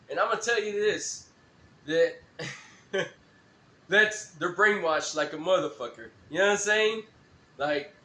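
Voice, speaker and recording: A man's voice: high-pitched, sharp tone, roomy sound. A man rambling through a profane, laugh-filled story on a live stream.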